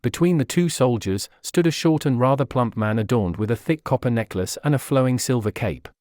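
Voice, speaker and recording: A man reading a fantasy story aloud in a steady, measured way. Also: medium pitch, no echo, clean studio sound. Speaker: narrator. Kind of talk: storybook narration.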